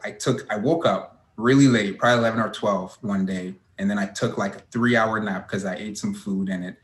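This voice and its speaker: A man's voice: fairly even intonation, fairly quick. A man co-hosting a casual podcast chat, joking in a laid-back way. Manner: laid-back, joking banter with sudden pitch jumps. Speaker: podcast co-host. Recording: roomy room, faint ambience.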